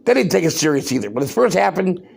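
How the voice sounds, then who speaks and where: Fast and very animated, this podcast host rants in a high voice with vocal fry and a breathy edge. He is loud and worked up, shooting off one rhetorical question after another.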